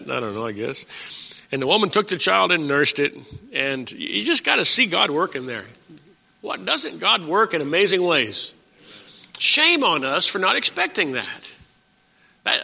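Guy preaching to the church, asks folks questions, raspy fry, echoey hall, kinda dull recording. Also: fairly high pitch, sing-song, normal speed, sharp tone. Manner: conversational, asks the congregation questions. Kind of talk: sermon teaching.

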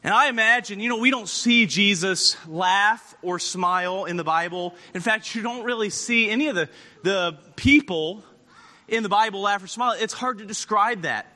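A male preacher tells a Bible story like a performer, jumping between narration and the voices of the people in it, now low and weary, now shouting. His voice sits high and is piercingly bright. A long hall echo trails every phrase. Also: moderate pace. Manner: acts out Bible characters with shifting voices, shouting at peaks. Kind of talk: animated sermon storytelling.

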